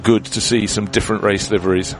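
A man's voice: fairly low pitch, little pitch movement, fairly quick. A man giving live motorsport commentary, chatty and explanatory as he breaks down the race. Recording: commentary with loud car noise behind.

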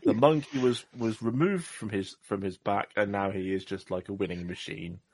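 A man's voice: on the low side, normal speed, a little mellow, dry recording. A man hosting a podcast in casual chat, rambling and self-deprecating with jokes. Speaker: podcast host.

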